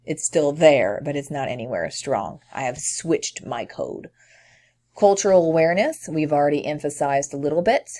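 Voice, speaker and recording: A woman's voice: sits low, darkish tone. A woman teacher with a light Tennessee accent, from the southern United States, giving a conversational screencast lecture with frequent ums.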